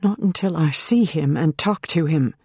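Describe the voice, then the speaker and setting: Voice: mid-range voice, normal speed, breathy edge, dry recording. Audiobook role: strained, defiant woman, voiced by the narrator, dry studio sound. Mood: tense. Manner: tense, bitter, forceful. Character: determined mother under strain, adult woman. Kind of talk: audiobook character reading.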